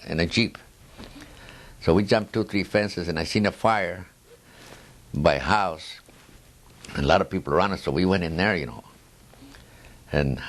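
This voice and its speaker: A man in his nineties telling war stories in a rambling oral history, chuckling at his own tales and restarting his sentences. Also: deep voice. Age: 90s. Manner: frequent restarts and trailing asides.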